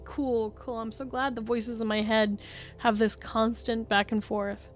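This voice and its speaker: A young woman streams a story game, reading its dialogue aloud and breaking off into chatty, sarcastic asides with the odd swear word. Her voice sits a little high. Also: flat delivery, a little slow, soft background music.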